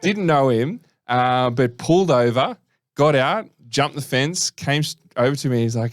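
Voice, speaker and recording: An Australian podcast co-host chats casually, joking as he tells stories and answers listener questions. His voice is mid-range at a moderate pace, captured with studio quality and no echo.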